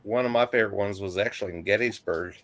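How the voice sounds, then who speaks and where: A man's voice: fairly low pitch, quick pace, a bit bright. A middle-aged man in casual chat, telling a short anecdote and reading out questions in an easygoing way.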